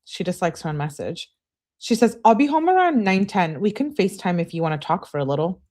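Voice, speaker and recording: A woman's voice: fairly low pitch, big pitch swings, a little fast, darkish tone. A woman hosting a live stream, reading text messages aloud and greeting her viewers between them. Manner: reads texts with "she says" tags, chats with viewers. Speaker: livestream host reading case texts.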